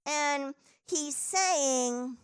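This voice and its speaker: Animated high-voiced woman preaching. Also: extremely slow. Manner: animated storytelling, reads scripture aloud. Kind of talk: sermon.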